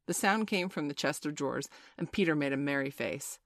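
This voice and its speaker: A woman narrating a classic children's story aloud in a gentle, expressive way. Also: low-pitched, a little fast, gravelly, few pauses, no room sound, studio quality.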